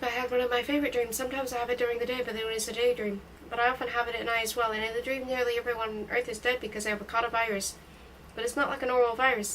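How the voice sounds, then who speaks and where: A woman's voice: on the high side, fairly bright tone. A woman reading a novel aloud in plain first-person narration, recorded from a distance with faint background noise. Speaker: reader.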